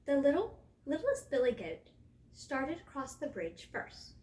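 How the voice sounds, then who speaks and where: A woman reading a children's story aloud in a lively, expressive way, in an echoey room away from the mic. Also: high voice, a little slow, distant mic, a little hiss or hum.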